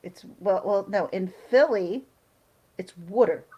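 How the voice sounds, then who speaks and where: A woman's voice: medium pitch, animated, moderate pace, highs cut off. A woman with a Philadelphia accent, chatting casually and telling stories on a live hangout stream. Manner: chatty, laughing, trails off into stories. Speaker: co-host. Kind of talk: casual chat.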